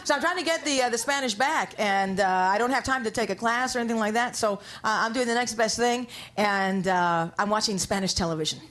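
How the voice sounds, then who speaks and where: A woman's voice: on the high side, brisk, hardly any pauses, fairly bright tone, slight background noise. A woman from New York doing a stand-up comedy set on stage. She talks in a wry, conversational way and builds each bit toward a punchline. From New York, USA. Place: comedy stage before an audience.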